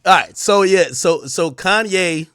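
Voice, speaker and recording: A man hosting a live stream, telling a story in animated casual talk with swearing and laughter. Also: high-pitched, unhurried, smooth, no room sound.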